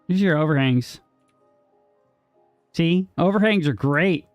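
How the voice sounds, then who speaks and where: A man's voice: on the high side, expressive, measured pace, long pauses, no room sound, faint music behind. A man streaming a game live, joking playfully with his chat, answering viewers by name and laughing often.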